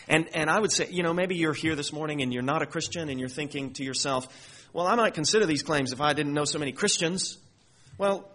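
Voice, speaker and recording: A man's voice: fairly high pitch, a bit bright, husky. A man preaching a sermon as pastor, earnest and building to emphatic peaks as he reads and explains scripture.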